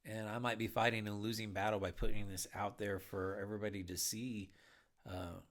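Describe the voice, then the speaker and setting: A man's voice: fairly low pitch, flat delivery, fairly quick. A man hosting a Bible podcast, talking in an earnest, heartfelt, urging way. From United States. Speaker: podcast host. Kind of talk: earnest Bible teaching talk.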